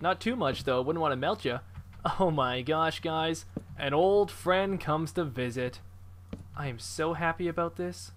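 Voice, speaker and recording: A man giving casual, excitable commentary while playing a video game, chatty and quick to exclaim. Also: fairly high pitch. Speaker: gamer.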